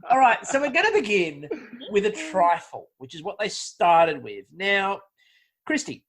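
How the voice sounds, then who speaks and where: A man's voice: high voice, sing-song, measured pace, a bit bright. A man hosting a podcast in a casual chat, with a wry, theatrical, swearing delivery. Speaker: podcast host.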